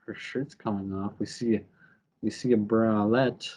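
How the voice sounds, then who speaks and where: A man's voice: on the low side, measured pace. A man co-hosting a podcast, recapping a TV episode in casual chat, acting out the characters and laughing often with lots of fillers. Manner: animated, acts out characters' lines. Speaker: podcast co-host.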